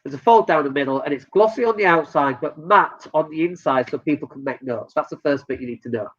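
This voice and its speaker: Northern english guy ranting blunt business tips, high husky voice, dull lo-fi sound. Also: fast talker. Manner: blunt, joking, animated. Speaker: business coach. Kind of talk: live-streamed advice talk.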